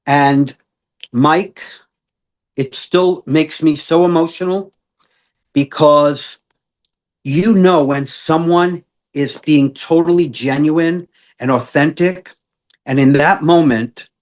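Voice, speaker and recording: A man, a guest coach, earnestly telling an emotional personal story with many fillers and restarts. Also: fairly high pitch. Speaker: guest, self-awareness coach.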